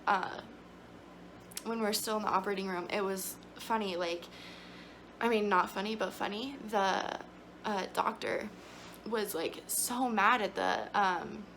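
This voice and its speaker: A woman's voice: mid-range voice, fairly bright tone, a little hiss or hum. A young woman vlogging, telling her story in a chatty, emotional way with lots of fillers. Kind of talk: casual storytelling to camera.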